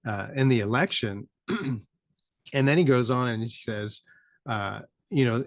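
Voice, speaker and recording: A man's voice: mid-range voice, slow, pauses often, no room sound. Dry-voiced man ranting with wry laughs. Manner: rambling, laughs in disbelief, rising to incredulous peaks. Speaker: podcast host. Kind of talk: casual political commentary.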